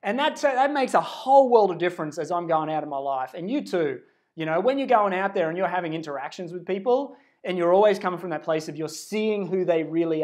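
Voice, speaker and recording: A man giving a livestreamed spiritual pep talk into a phone camera, earnest and rambling, swinging between hushed and loud, blunt and casually profane. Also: sits high. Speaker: spiritual self-help speaker.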